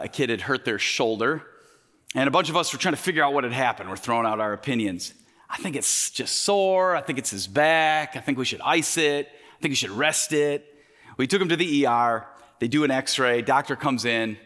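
Bright-voiced man preaching emphatically. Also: fairly high pitch. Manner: emphatic, building repetition. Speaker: pastor. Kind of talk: sermon.

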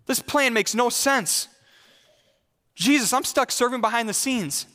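A man's voice: extremely high pitch, a little slow, pushed and bright, big-room sound, pitched above the performer's own voice, heavily acted. A preacher voicing a self-pitying male believer who whines and complains to God. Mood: whiny indignant. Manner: whiny, indignant, exasperated.

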